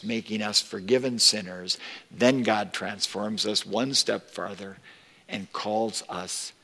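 A man preaching a sermon as pastor, slow and deliberate, rising with emphasis when quoting scripture. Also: on the low side, creaky, bright, forceful tone, in a large hall. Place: church sanctuary.

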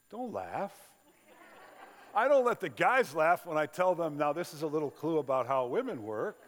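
An older man preaching a sermon in a large church, telling stories conversationally and acting out the people in them. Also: medium pitch. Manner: conversational storytelling with acted-out quotes. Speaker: pastor. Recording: long reverb of a large hall.

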